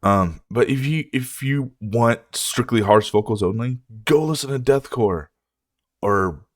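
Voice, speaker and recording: A man's voice: medium pitch, unhurried, no room sound, studio quality. A man hosting a music reaction video, ranting in a casual, profane way.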